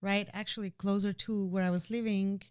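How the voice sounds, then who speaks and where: A woman talks fairly quickly in a mid-range, smooth voice with a flat delivery, recorded dry in a clean studio. Despite that, her words in this personal conversation are candid, emotional, and earnest, full of restarted sentences and "you know."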